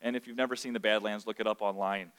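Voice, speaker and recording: A man preaching a sermon, emphatic and swinging between hushed and loud passages. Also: lowish voice, steady tone, fast talker, clear, resonant tone. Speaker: pastor.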